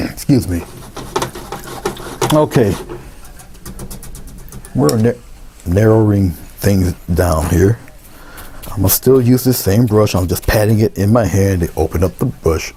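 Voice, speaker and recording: A man giving a relaxed, unscripted painting lesson, talking through each step with fillers and restarts. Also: fairly low pitch, takes it slowly, long pauses, slight background noise. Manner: relaxed, thinking aloud with many fillers and restarts. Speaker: painting instructor. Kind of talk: casual painting tutorial.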